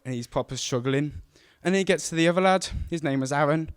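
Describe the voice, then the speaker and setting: A young man telling a true story on stage, animated and self-mocking as he acts out the scenes. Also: a little high, fast talker, clean tone, dry recording, studio quality. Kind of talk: live storytelling to an audience. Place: stage at a live event.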